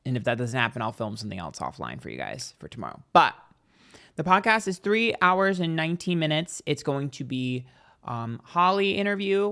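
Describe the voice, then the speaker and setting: A man's voice: medium pitch, fairly bright tone. A man in casual vlog chat, telling a story with lots of "like" and acted-out reactions. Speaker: tarot reader and YouTuber.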